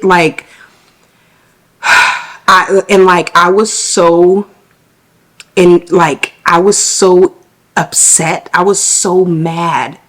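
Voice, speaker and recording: A young woman, a stay-at-home mom vlogging to camera in a chatty, animated way with lots of fillers. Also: on the low side, slow pace, long pauses. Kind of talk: casual chat to camera.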